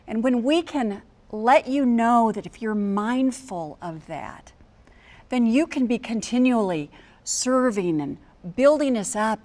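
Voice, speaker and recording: Brief: older American woman, marriage coach, earnest teaching talk, slightly high voice. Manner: earnest, acts out phrases with emphasis.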